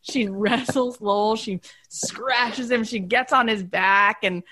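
A woman's voice: slow pace, no room sound. A middle-aged woman hosting a podcast in casual chat, telling stories and acting out quotes. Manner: animated storyteller, acts out quotes in high voices. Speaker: podcast host.

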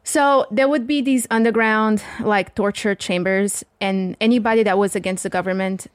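A woman's voice: mid-range voice, moderate pace, dry recording. A young woman from southern Portugal with a Portuguese accent, a guest comedian telling stories in casual podcast chat, acting out quotes. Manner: animated storyteller acting out quotes.

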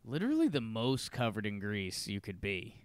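A young man co-hosting a casual podcast, answering with dry, deadpan quips. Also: on the low side, normal speed, clear, resonant tone, dry recording. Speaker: podcast co-host. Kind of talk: casual chat.

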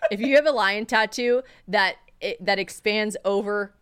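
A woman's voice: medium pitch, moderate pace, a bit bright, clean tone. A woman in her twenties hosting a podcast, blunt and emphatic with profane jokes. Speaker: podcast host. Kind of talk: casual chat.

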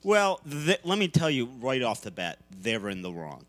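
A man's voice: mid-range voice, very animated, moderate pace, a bit bright, no room sound. A man co-hosting a casual podcast, riffing emphatically and playfully. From New York. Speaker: podcast co-host. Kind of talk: casual chat.

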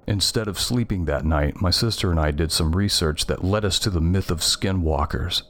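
A man's voice: deep voice, normal speed, fairly bright tone. A man narrating a first-person horror story in a tense, scripted reading.

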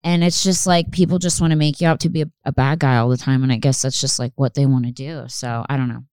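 Young woman podcast host, low smooth voice, dry close sound, rambling, swears a lot. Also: fairly even intonation, quick pace, darkish tone, dry recording. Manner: rambling, swears freely, many fillers and restarts. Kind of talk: casual solo podcast chat.

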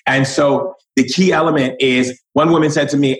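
A man's voice: mid-range voice, steady tone, moderate pace, rough recording. A man speaking as a spiritual guide in an impassioned, preachy way, acting out quoted conversations.

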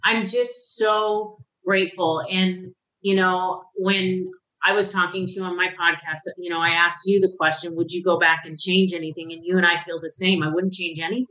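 A woman's voice: lowish voice, little pitch movement, normal speed, sharp tone, low-quality recording. A middle-aged woman on a podcast, telling her recovery story in a heartfelt, candid way and acting out the voices she quotes. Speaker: podcast guest. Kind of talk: candid conversation about recovery.

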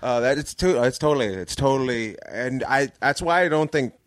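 Laid-back comedian guest from Canada. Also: male voice, medium pitch, no echo, clean studio sound. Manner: relaxed, quick laughs and short agreements. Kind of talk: casual chat.

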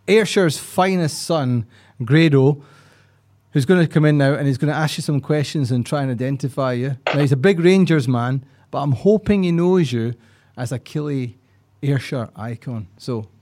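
A man hosting a guessing game, brisk and upbeat. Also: medium pitch, a little mellow. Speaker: host.

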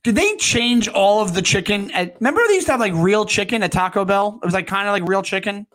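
A man's voice: high-pitched, animated, quick pace, a bit bright. A man co-hosting a comedy podcast, chatting casually, laughing often and jumping from one topic to the next. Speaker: podcast co-host.

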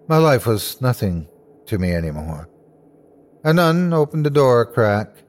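A man narrating a scary story in a scripted, dramatic way. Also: a little mellow. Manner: dramatic, swings high for cries. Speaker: host and narrator.

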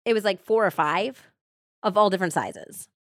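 With a medium-pitched, fairly bright voice at a moderate pace, a woman hosts a podcast where she chats through a true-crime case, dropping "like" again and again. The studio-quality recording has no room sound.

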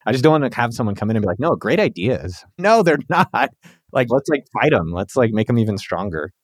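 A man's voice: medium pitch, lively intonation, quick pace, no echo, studio quality. A man hosting a podcast, talking in an upbeat, slangy, casual way with his guest. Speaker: podcast host.

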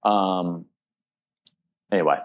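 A man's voice: low-pitched, slow, phone-quality sound. Parenting guest, male, casual chat, plays out sample lines to kids. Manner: animated, acts out parent phrases. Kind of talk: casual podcast conversation.

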